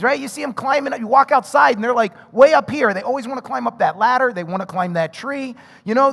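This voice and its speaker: A male pastor in his thirties from North Carolina preaches a sermon built around an animated personal story, often turning aside to address the congregation. His voice is very high and creaky, heard in a reverberant hall.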